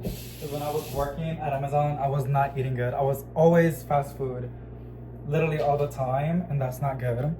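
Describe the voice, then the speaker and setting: A chatty man vlogs from his home kitchen, rambling excitedly to viewers he calls y'all. His voice sits at a middle pitch for a man. A steady hiss of noise runs under the phone recording. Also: normal speed. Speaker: plant vlogger. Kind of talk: casual chatty vlog. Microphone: phone camera.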